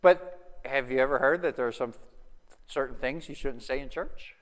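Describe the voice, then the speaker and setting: A man's voice: medium pitch, normal speed, big-room sound. A man preaching a sermon as pastor, talking in a loose, conversational way with frequent restarts. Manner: conversational, animated storytelling with restarts.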